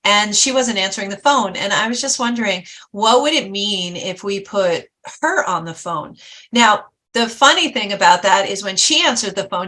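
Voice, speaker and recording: A woman talk-show host and success coach, chatty and animated, acting out quotes as she tells a story. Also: a little high, moderate pace.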